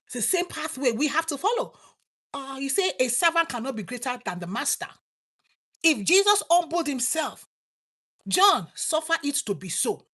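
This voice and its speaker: A woman's voice: high voice, very animated, moderate pace, bright, forceful tone. A woman with a Nigerian accent preaching a sermon, exhorting her listeners with rising and falling emphasis.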